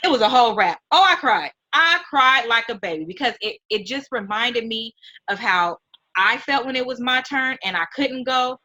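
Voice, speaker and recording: A middle-aged woman hosting an interview, talking in a heartfelt, animated, mentoring way. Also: a little high, moderate pace, poor audio. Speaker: host and nonprofit founder. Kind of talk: emotional casual interview.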